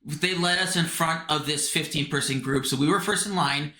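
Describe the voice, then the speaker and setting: Man, casual podcast co-host, step-by-step explainer, bright tone, echoey room. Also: a little high, normal speed. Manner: explains step by step, says basically and like a lot. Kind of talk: casual chat. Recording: roomy echo.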